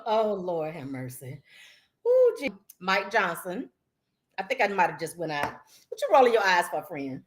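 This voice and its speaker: A woman co-hosting a casual talk podcast, expressive and quick to laugh. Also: on the low side, a little hiss or hum. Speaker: co-host.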